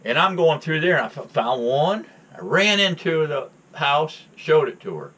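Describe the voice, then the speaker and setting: A man's voice: fairly high pitch, big pitch swings, moderate pace, a bit bright, slightly rough. Male host, folksy storyteller, chatty and joking, rambling asides. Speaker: channel host.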